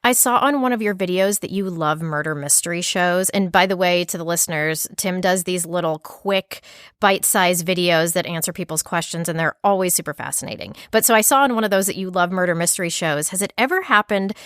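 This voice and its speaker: A woman's voice: fairly low pitch, brisk, fairly bright tone, smooth, dry recording, clean studio sound. A woman hosting a podcast, asking questions in a bubbly, casual way, with chatty asides. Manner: bubbly, laughs often, conversational asides. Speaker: podcast host. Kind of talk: casual interview chat.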